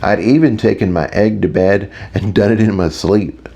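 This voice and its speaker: Deep-voiced man narrating an audiobook. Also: normal speed, gravelly, dark tone, muffled recording. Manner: wry, self-mocking inner monologue. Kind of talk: first-person audiobook narration.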